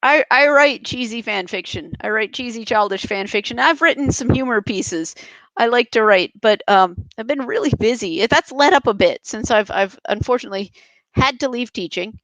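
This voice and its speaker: A woman's voice: on the high side, animated, normal speed, a bit bright, no echo, poor audio. A young adult woman speaking passionately and emphatically as a podcast guest, with frequent restarts. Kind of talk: casual interview chat.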